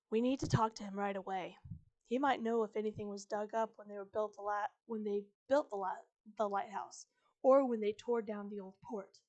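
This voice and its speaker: A woman's voice: mid-range voice, a little mellow. A woman reading a novel aloud on a live stream, chatting with viewers between passages and correcting herself as she goes.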